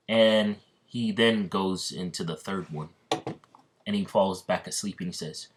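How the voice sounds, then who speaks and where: Rambling deep-voiced man telling a story. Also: a little slow, slightly rough. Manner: rambling, full of fillers and restarts. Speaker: fan story narrator. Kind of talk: casual fan story narration.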